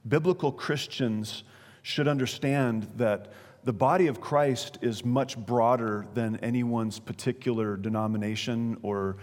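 His sermon is conversational: he keeps checking in with his listeners and asks them questions. The man's medium-pitched voice is a little slow and a little mellow, recorded in a long hall with lots of reverb.

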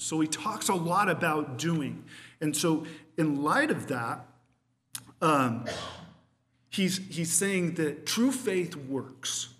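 A man's voice: a little high, a bit bright, in a large hall. A man teaching verse by verse through a Bible letter in an emphatic sermon style, often checking in with "okay?". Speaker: preacher.

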